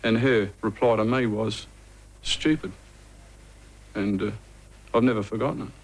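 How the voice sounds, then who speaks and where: A man's voice: on the low side, steady tone, fairly quick, poor audio. A man in a documentary interview, speaking in a hesitant, reflective way with frequent restarts. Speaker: interviewee recalling helping a victim.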